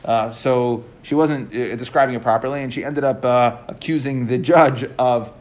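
Man teaching a text, halting restarts. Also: medium pitch, fairly even intonation, darkish tone. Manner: reads Aramaic text aloud then explains in English, halting with restarts. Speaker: Talmud teacher. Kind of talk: casual explanatory class.

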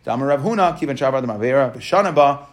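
A man's voice: mid-range voice, expressive, fast talker. A man teaching a Talmud lesson, reading passages aloud and then explaining them in casual speech, with frequent restarts and fillers.

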